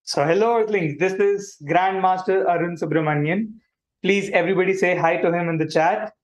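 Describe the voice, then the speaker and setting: Man as cheerful alien livestream host, a bit high-voiced, chatty with the audience. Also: normal speed, lightly acted. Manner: animated, chatty, addresses viewers directly. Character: friendly male alien visitor hosting a kids' stream. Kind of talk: playful kids' livestream hosting.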